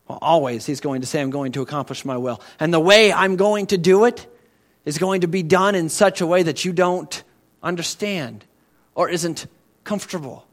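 A pastor with a high-pitched voice preaches a sermon at normal speed. He's emphatic and conversational, asking the congregation questions and swinging between loud and quiet.

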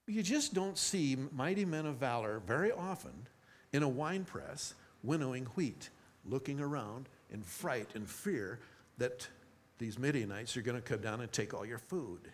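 A man's voice: medium pitch, big pitch swings, measured pace. A man reading a Bible passage aloud and then teaching on it in a conversational way, often restarting his sentences. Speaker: preacher.

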